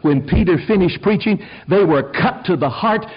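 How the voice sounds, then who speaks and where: An older man preaching a sermon in a fiery, folksy way, rising to shouted peaks. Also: high-pitched, moderate pace, few pauses, breathy edge, dull audio. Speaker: pastor.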